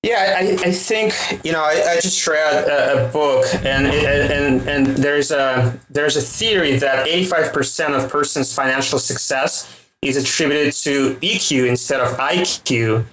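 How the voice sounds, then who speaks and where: A man's voice: a little high, a little slow, roomy sound, low-quality recording. A man in his thirties with a Russian accent, a startup founder answering interview questions hesitantly, with many fillers. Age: 30s.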